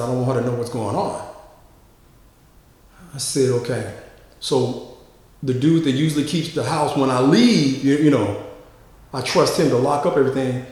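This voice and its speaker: A man casually telling a story, with drawn-out fillers and lively quoted lines pitched higher. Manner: drawls, frequent uh fillers and repeats. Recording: very echoey room with long reverb.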